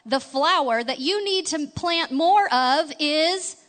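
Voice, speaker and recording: A woman voicing a brash, profit-minded man who chatters on carelessly in a raised, drawn-out voice. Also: high-pitched, expressive, a bit bright, voice pushed up, heavily acted. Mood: pushy. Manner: chattering, pushy.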